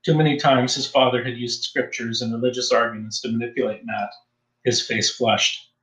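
A man reading a suspense story aloud as audiobook narrator, with steady storytelling delivery and a roomy echo. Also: medium pitch, moderate pace. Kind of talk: scripted narration.

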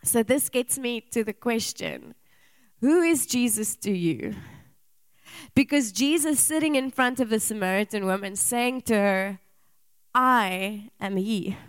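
Young woman preacher, questioning and storytelling, slightly high voice, dry close recording. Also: very animated, unhurried, smooth, no room sound. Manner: rhetorical questions, personal storytelling with laughs. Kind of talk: sermon.

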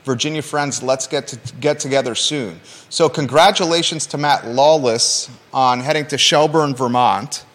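Man, talk show host, teasing banter, mid-pitched voice, long reverb. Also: normal speed, hardly any pauses, a bit bright. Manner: playful, teasing banter with repeated questions. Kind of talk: local radio talk show.

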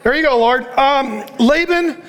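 A middle-aged man preaching a sermon, animated and joking, acting out the people he reads about. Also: extremely high pitch, a little slow. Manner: animated, joking, acts out the characters' lines; preaching to a laughing audience. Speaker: pastor.

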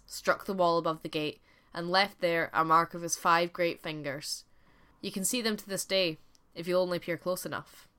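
A woman narrating a folk tale as a podcast storyteller, in a measured, scripted storytelling delivery. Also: fairly low pitch, sharp tone, clean tone.

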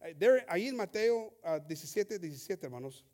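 Man, pastor, high voice, fervent sermon, repeats and restarts words. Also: big pitch swings, quick pace. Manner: builds from quiet scripture reading to loud emphatic exhortation.

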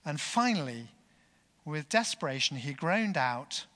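A man preaching a sermon, telling a story in an earnest, unhurried way. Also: medium pitch, lively intonation, pushed and bright, in a large hall.

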